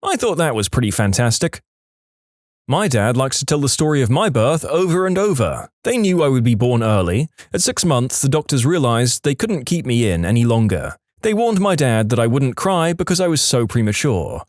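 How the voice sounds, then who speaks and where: Lively male story narrator. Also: medium pitch, moderate pace, dry recording, clean studio sound. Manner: lively storytelling, brief comic quote voices. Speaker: narrator reading stories. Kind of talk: scripted narration.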